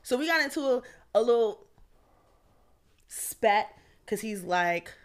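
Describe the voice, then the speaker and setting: A woman co-hosting a podcast casually tells a story, her voice a little high and her pace slow. She's animated, swears a lot, and quotes her own texts.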